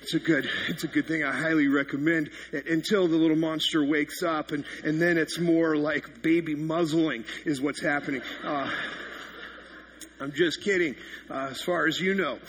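A man's voice: on the high side, fairly even intonation, moderate pace, a bit bright, slightly rough. A man in his thirties, a pastor giving a sermon that opens with funny, self-mocking stories. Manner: self-deprecating storytelling with comic exaggeration.

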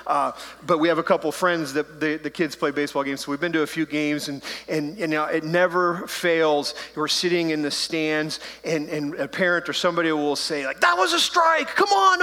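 In a church hall with long reverb, a male pastor preaches in a loose, conversational way, dropping in playful asides. His voice is bright and forceful, pitched a little high.

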